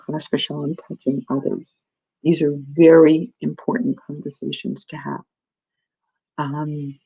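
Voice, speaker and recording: A woman's voice: deep voice, darkish tone, breathy edge, poor audio. A woman presenting a parent workshop, speaking earnestly and telling stories with quoted dialogue. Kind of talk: lecture to parents.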